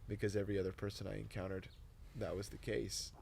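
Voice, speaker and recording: A young man, a podcast guest, telling a personal testimony in casual, animated, emotional conversation full of "like" and "dude". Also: lowish voice, fast, gravelly, a little hiss or hum.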